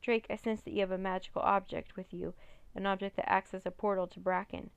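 Storybook dark wizard, gloating, commanding, gravelly voice, dry close sound, woman reading. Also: medium pitch, flat delivery, fairly quick, dry recording, lightly acted. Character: cackling male dark wizard villain.

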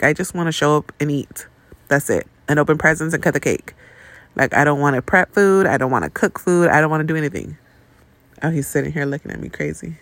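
A woman's voice: low voice, fairly bright tone, no echo. A woman hosting a podcast, venting in a rambling, casual way and swearing freely. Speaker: podcast host. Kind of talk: casual chat. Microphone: podcast mic.

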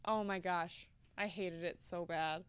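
Slow-talking, giggly young woman co-host. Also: lowish voice, steady tone, fairly bright tone, clear, resonant tone, no room sound. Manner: giggly, joking, swears casually. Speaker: podcast co-host. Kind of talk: casual podcast chat.

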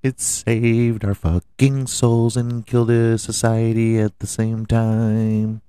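A man hosting a casual solo sports podcast, rambling and profane, with a scratchy throat he keeps clearing. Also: fairly low pitch, level tone, slow, warm tone. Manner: rambling, profane, self-mocking asides. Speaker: podcast host.

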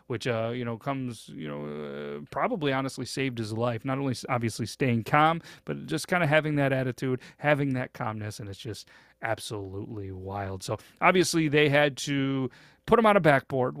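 A man's voice: mid-range voice, a bit bright, no room sound, studio quality. A young man hosting a podcast, retelling a story in a casual, rambling way full of fillers and hesitations. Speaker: podcast host.

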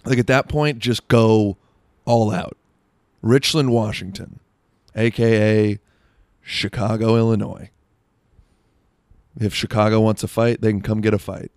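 Here the young South Floridian sounds on the low side and a little mellow, speaking a little slowly with long pauses and fairly even intonation. His comedic monologue is crude and meandering, full of restarts and "like," recorded with no room sound.

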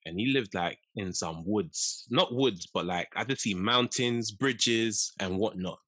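Deep-voiced young man telling stories. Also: a little slow, breathy edge, no echo. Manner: animated storyteller, acts out quotes, laughs often. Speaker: podcast co-host. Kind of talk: casual storytelling chat.

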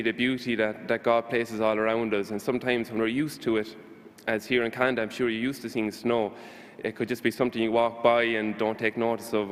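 A man from Ireland with an Irish accent, a young missionary gently encouraging a parish congregation. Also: medium pitch, big-room sound. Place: church.

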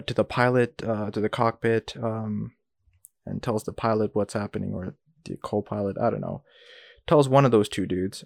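A young man hosting a podcast, rambling through a story with lots of "like" and quick asides. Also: fairly low pitch, creaky, no echo, clean studio sound. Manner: rambling, animated retelling with frequent "like" and asides. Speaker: podcast host. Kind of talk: casual storytelling.

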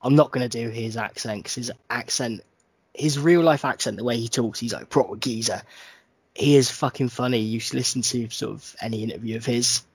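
A man's voice: mid-range voice, a little fast, slightly rough, dry recording. A man co-hosting a podcast, chatting casually and a bit sleepily. He swears a lot and slips into silly mocking voices. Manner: sweary, animated, mimics people in silly voices. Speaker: podcast co-host. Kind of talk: casual chat.

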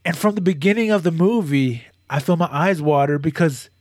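A man chatting casually as a co-host, telling a long, animated story with many restarts and moments of emotion. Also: fairly high pitch, fairly quick, no echo, studio quality. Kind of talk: casual chat.

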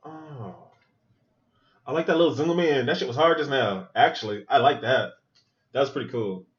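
A podcast host keeps up loose, joking, profane running commentary while watching a film. He speaks at medium pitch and normal speed, and the sound is lo-fi.

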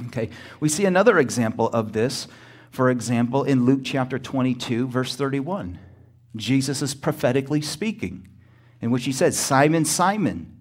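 A male pastor preaching a sermon, emphatic and often rising to near-shouted exclamations, calling out to the congregation for a response. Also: medium pitch, lively intonation, moderate pace.

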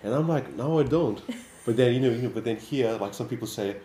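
A man's voice: mid-range voice, quick pace, warm tone. An Australian man chatting on a podcast, hesitant with repeated fillers, in an echoey room with faint noise. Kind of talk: casual chat.

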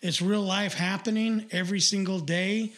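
A high-voiced man hosts a podcast live stream in loose, casual chat. He rambles bluntly, swears freely and fills gaps with "uh". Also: fairly even intonation, moderate pace, a bit bright. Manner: rambling, blunt and profane, heavy on fillers. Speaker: podcast co-host.

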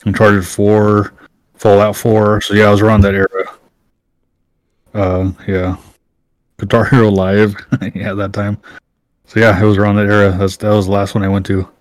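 A man in a casual chat, slowly trying to recall things, pausing and hedging as he talks. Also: fairly low pitch, completely flat delivery, no room sound. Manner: slow, searching for memories, hesitant.

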